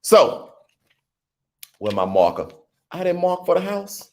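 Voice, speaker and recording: A middle-aged man with a New Orleans accent, talking casually to camera about politics, with lively rhetorical questions and teasing asides. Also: high-pitched, takes it slowly. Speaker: political commentary vlogger. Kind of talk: casual explainer vlog.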